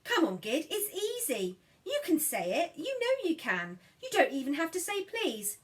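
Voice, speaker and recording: A woman's voice: very high-pitched, huge pitch swings, moderate pace, fairly bright tone, voice pushed up, heavily acted. A woman voicing a feisty, chatty little girl in a storybook reading. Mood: coaxing.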